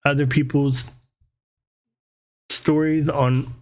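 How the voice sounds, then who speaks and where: A man's voice: on the high side, slow. A middle-aged man, a podcast host, casually telling a personal story and acting out the screams and voices in it. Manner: animated, acts out screams and voices in his story.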